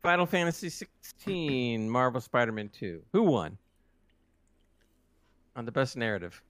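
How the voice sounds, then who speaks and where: A man's voice: medium pitch, unhurried, dry recording. A man co-hosting a casual gaming podcast, reading out award nominees with chatty asides. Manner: animated, reads lists with asides.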